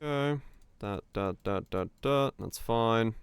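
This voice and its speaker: A man's voice: fairly low pitch, slow pace, smooth, no room sound. A young man streaming a game, chatting casually, answering chat questions and thinking aloud as he plays.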